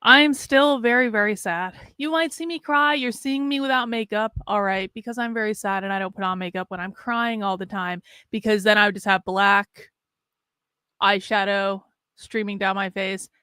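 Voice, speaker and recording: A woman hosts a casual livestream, speaking candidly and holding steady through her sadness, often restarting and repeating herself. Her mid-range voice is clear and resonant at a moderate pace, captured in a dry, clean studio recording.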